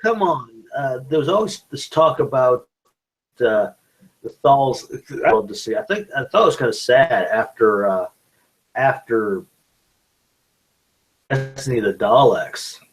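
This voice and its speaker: A man co-hosting a podcast, speaking haltingly with many pauses and fillers as he corrects details. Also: medium pitch, animated, low-quality recording. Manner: halting, fact-correcting fan talk with many "uh"s. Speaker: podcast co-host. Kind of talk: casual podcast chat.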